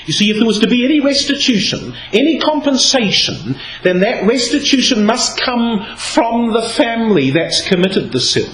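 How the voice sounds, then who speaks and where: His voice is very high and he hardly pauses, keeping a normal speed through a Bible talk. He reads scripture expressively, changing emphasis as he explains it, and the echoey hall carries faint background noise.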